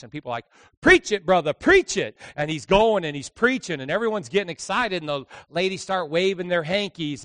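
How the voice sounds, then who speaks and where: A man preaching a sermon, telling a story and building his delivery to loud, shouted crescendos. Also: on the high side, no echo.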